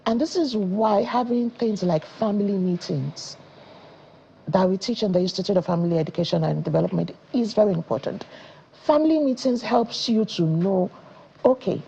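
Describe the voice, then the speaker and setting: A woman's voice: medium pitch, moderate pace, vocal fry, lo-fi sound, slight background noise. A woman in her thirties from Nigeria, a parenting educator who tells stories and acts out the lines she quotes on a studio talk show. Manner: animated storyteller, acts out quotes.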